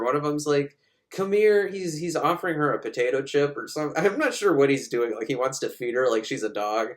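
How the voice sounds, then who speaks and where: A man in the middle of his pitch range tells a movie's plot with sarcastic, profane humor. He hops into quick voices for the characters as he goes. The delivery is a casual comedic recap. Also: animated.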